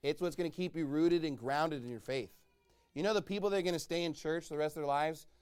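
Pastor, male, high voice; sermon delivery, slow scripture reading, sharp jumps from soft to shouting. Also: clean tone. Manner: swings between loud shouted exhortation and low quiet asides; reads scripture in slow, drawn-out cadence.

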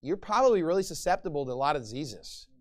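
Preaching fast in a voice on the high side, a middle-aged pastor keeps his sermon lively and conversational. He sometimes laughs and acts out the voices of those he quotes.

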